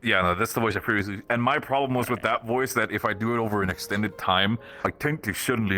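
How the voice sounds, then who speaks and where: A man's voice: on the low side, quick pace, few pauses, sharp tone. A man chatting casually during a role-play game, rambling and swearing freely.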